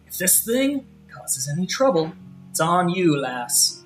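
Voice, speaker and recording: A man voicing two gruff brothers who shout scornfully at a creature. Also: sits high, very animated, unhurried, reverberant, faint music behind, voice pushed up, poor audio.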